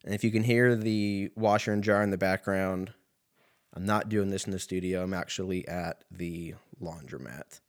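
A man's voice: low-pitched, fairly even intonation, moderate pace. Rambling, profane man telling a story. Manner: rambling, profane, full of fillers. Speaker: podcast host. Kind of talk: casual comedic storytelling. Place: laundromat.

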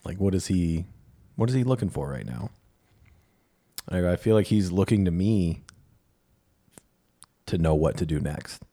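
A man's voice: deep voice, animated, normal speed, long pauses, mellow. A man co-hosting a podcast, casually telling a candid, self-deprecating story and acting out the lines of others. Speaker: podcast co-host.

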